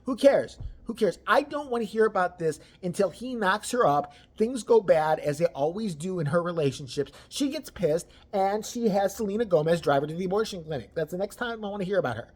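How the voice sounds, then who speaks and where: Crude sarcastic rant, constant swearing, mocking tone, loud bursts then mutters. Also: mid-range voice, lively intonation, a little fast, hardly any pauses. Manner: swings between loud outbursts and mutters. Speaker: celebrity gossip commentator. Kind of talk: profane ranting commentary.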